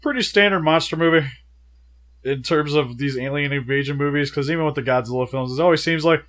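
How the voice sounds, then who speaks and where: A man with a slightly high-pitched voice hosts a relaxed movie review, his voice still worn from a recent sickness. He chews gum as he talks and keeps the banter light and joking. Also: brisk. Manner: chewing gum while talking, joking banter. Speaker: co-host of a movie review show. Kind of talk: casual movie review chat.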